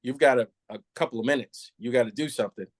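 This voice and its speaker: This fast-talking retired NYPD officer, middle-aged with a mid-range voice, is recorded with no room sound. He spins a frank tale full of laughter, animatedly performing the lines of the people in it.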